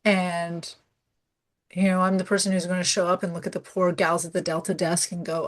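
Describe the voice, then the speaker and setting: A middle-aged woman talking casually as a coach, her voice sitting a little low. She tells stories with energy, slipping into the voices of the people in them. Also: moderate pace. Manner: animated storyteller, acts out quoted dialogue. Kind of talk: casual conversation.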